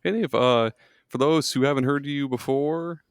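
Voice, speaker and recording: A man's voice: medium pitch, moderate pace, smooth, no room sound, studio quality. A man hosting a podcast, chatting casually and jokily, laughing often. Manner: laid-back, jokey, laughs often. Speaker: podcast host.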